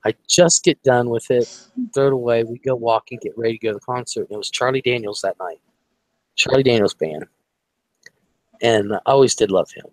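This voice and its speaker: A man's voice: medium pitch, fairly quick, dry recording. A man from Ohio telling a rambling personal story in casual chat. He swears freely and acts out the voices of the people in it. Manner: animated, profane, acts out quoted voices.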